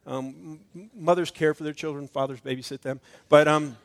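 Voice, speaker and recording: A middle-aged man preaches at a communion service, his voice sitting a little higher than most men's. He pushes hard on key points, then drops to a near hush, and acts out the voices in his stories. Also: steady tone, normal speed, vocal fry. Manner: swings from loud emphatic preaching to hushed intimate tones; storytelling with acted-out dialogue. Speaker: pastor. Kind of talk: communion sermon.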